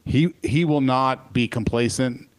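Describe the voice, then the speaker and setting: Guy hosting sports radio, opinionated, lots of restarts, casual banter. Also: mid-range voice. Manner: animated, opinionated, quick restarts.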